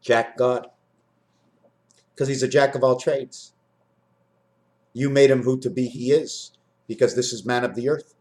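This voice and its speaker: A man in his fifties rambling through a spiritual monologue to camera, swinging between high loud bursts and low muttering. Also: fairly even intonation, unhurried, long pauses. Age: 50s. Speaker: vlogger.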